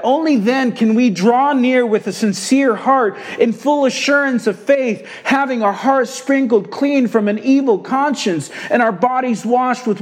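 Male preacher with a high voice, emphatic sermon delivery, repeats lines for stress. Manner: emphatic, repeating key phrases. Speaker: pastor.

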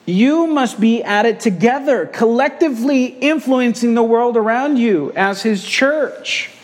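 Male preacher with a high voice, emphatic sermon delivery, repeats lines for stress. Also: animated, a little slow. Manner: emphatic, repeating key phrases. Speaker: pastor.

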